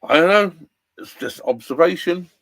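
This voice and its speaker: A man's voice: sits high, moderate pace, no echo. Chatty English man, dry close sound. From England. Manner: rambling, chatty, with restarts and animated outbursts. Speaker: narrowboat live-streamer. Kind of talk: casual live-stream chat. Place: inside a narrowboat cabin.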